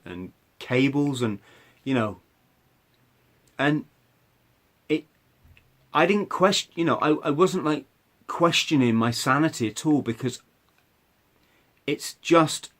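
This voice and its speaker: A man's voice: fairly high pitch, fairly bright tone. A man hosting a podcast, telling a personal story conversationally, with restarts and frequent "right?" asides. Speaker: podcast host.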